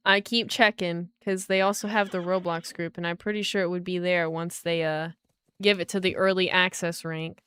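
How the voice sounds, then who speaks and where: Excited young woman livestreaming a game. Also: lowish voice, moderate pace, clear, resonant tone, no echo. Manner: excited, chatty, addresses viewers as guys. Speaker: livestreaming gamer. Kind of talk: casual livestream chat.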